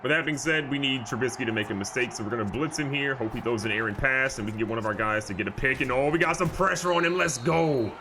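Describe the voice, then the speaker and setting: A man giving excitable, jokey live commentary over a football video game, moving from calm play calling to loud outbursts. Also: medium pitch, fast, hardly any pauses, background noise. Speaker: gaming YouTuber.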